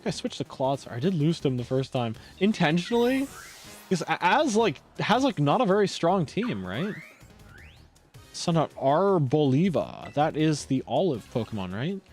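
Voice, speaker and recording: A male streamer chatting casually while playing a game, rambling and lively. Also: on the high side, normal speed, soft background music. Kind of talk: casual gameplay chat.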